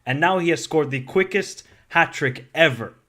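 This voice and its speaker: Man, slightly high voice, upbeat enthusiastic panelist. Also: normal speed, pushed and bright. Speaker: panelist, European scout. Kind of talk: casual football chat.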